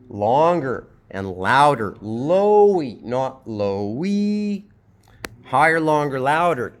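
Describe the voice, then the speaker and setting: A man teaching pronunciation and reviewing his students' phonetic transcriptions, patiently drawing out each sound as he demonstrates it. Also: medium pitch.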